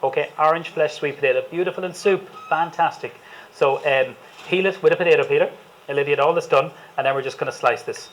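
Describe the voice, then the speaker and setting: Chatty Irish chef, slightly high voice. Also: male voice, fast, low-quality recording. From Ireland. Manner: chatty, enthusiastic, jokes with the audience. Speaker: chef giving a cooking demonstration. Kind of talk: live cooking demonstration to an audience. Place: demonstration space with a live audience.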